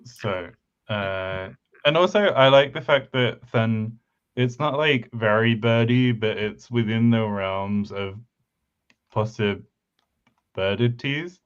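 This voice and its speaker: A man talks slowly and haltingly, filling gaps with ums while he thinks aloud. His voice is low and smooth. The recording is a little dull and lo-fi. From United Kingdom. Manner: hesitant, many pauses and fillers. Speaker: podcast co-host. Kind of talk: casual chat about language building. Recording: slightly dull lo-fi mic.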